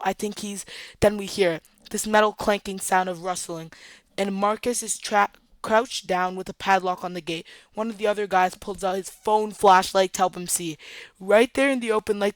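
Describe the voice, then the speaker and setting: Young adult vlogger, mid-pitched, dramatic casual storytime delivery, dry close mic. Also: no echo.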